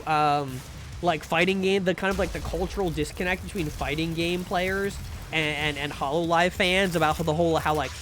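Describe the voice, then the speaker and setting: A man's voice: high-pitched, fairly bright tone. A young man chatting casually on a game livestream, rambling with many fillers and restarts. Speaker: streamer. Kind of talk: casual livestream chat while gaming.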